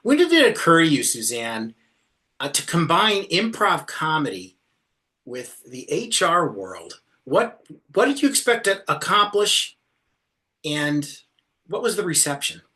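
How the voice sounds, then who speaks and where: A man's voice: fairly high pitch, very animated, measured pace, pushed and bright. A man hosting a talk show, interviewing a guest in a casual, folksy way. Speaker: podcast host.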